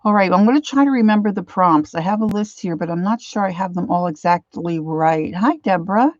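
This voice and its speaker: A woman's voice: lowish voice, fairly quick, dry recording, muffled recording. An older woman hosting an art livestream, chatting casually, greeting viewers by name and getting a little emotional. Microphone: computer mic, set far from her face.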